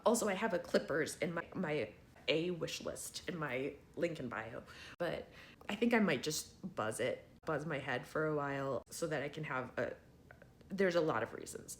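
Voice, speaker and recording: A man's voice: on the high side, fairly bright tone, a little hiss or hum. A trans man chatting casually to his viewers, rambling and wry and laughing often. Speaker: vlogger. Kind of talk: casual chat to camera.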